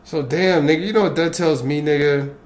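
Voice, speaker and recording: A man's voice: fairly high pitch, a little fast. A man co-hosting a reaction video, talking loosely in casual chat, slangy and profane and full of fillers. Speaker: co-host.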